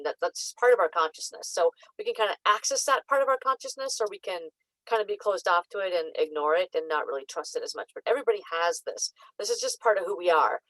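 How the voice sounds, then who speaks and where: A woman psychic coach talking casually to camera, teaching with lots of "like" and "um" and lively acted-out asides. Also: fairly low pitch, dry recording, low-quality recording.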